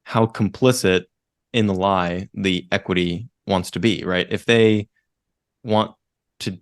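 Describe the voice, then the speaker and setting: A young man co-hosting a business podcast, explaining things step by step in a measured way and often checking in with "right?". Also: low-pitched, steady tone. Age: young adult. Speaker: podcast co-host. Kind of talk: casual business podcast chat.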